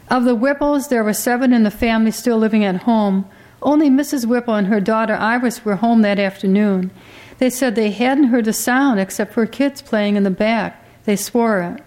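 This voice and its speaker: A woman reading a literary story aloud as an audiobook narrator, in a measured, quietly dramatic way. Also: a little high.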